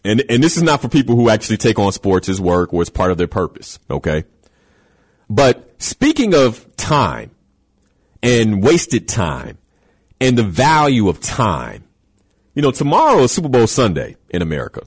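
A man's voice: on the low side, wildly swooping pitch, moderate pace, breathy edge. A man hosting a show, giving an emphatic motivational talk with rhetorical questions and repeated key words.

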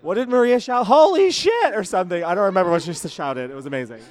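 A man with a slightly high, worn-out voice hosts a loose podcast chat at a busy venue after a show. He is excitable and theatrical, and laughs between remarks. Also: racing. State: voice worn out after a night of singing. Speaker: podcast host. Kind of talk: casual chat at a concert.

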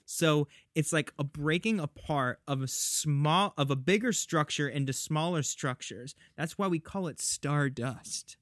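A man riffing through loose podcast banter, wandering off on playful tangents. His voice is bright and forward and sits a little high for a man. The sound is close and dry. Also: measured pace, hardly any pauses, dry recording. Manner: playful, rambling, drops into silly voices. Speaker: podcast co-host. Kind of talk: casual banter.

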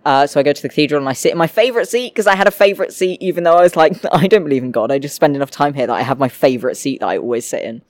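Guest: man, animated and self-mocking storyteller, close and dry. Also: on the high side, rapid-fire, hardly any pauses, no echo. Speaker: interview guest. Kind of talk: storytelling in conversation.

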